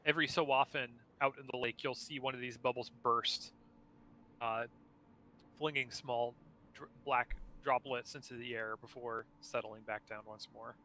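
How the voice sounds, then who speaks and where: A man narrating a tabletop game as dungeon master, halting with frequent restarts and fillers. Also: medium pitch, fairly even intonation, pushed and bright, slight background noise. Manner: halting, lots of uh and restarts, laughs often.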